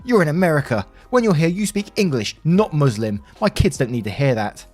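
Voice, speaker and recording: A man's voice: fairly high pitch, sing-song, a little fast, darkish tone, soft background music, pitched above the performer's own voice. A man voicing a rude, indignant middle-aged woman shopper who scolds shrilly.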